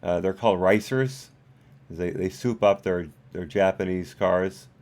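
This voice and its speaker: A man's voice: low voice, unhurried, darkish tone. A man hosting a live stream, commenting casually with many hesitant fillers. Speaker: host.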